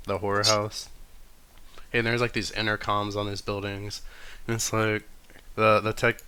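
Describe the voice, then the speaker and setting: Guy dming a tabletop game, smooth clear voice, lots of likes and uhs. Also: fairly low pitch, little pitch movement, a little slow, pushed and bright. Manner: loose, filler-heavy, laughing. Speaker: game master.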